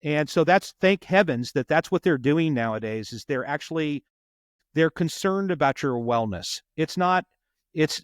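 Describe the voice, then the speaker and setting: A man's voice: mid-range voice, dry recording, studio quality. A man, a police officer, telling a story in a long earnest run, repeating words as he goes. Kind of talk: conversational storytelling.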